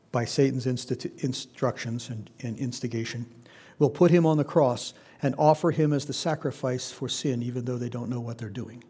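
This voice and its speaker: Guy preaching a bible lesson, dark rough voice, talks to the room like a chat. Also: mid-range voice. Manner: conversational, asks the listeners questions. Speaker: pastor. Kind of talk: Bible teaching sermon.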